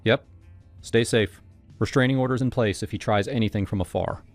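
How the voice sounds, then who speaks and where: A man voices a brisk female police detective in short, clipped sentences. The voice stays low and plain, with music playing underneath. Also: close to an everyday voice. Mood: matter-of-fact. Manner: curt, clipped.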